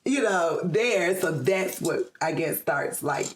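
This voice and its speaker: A woman's voice: fairly low pitch, animated, takes it slowly, slight background noise. Woman, from Atlanta, middle-aged, interview guest, chatty, laughing, roomy echo. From Atlanta area, USA. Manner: chatty, laughs often, many ums. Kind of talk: casual interview chat.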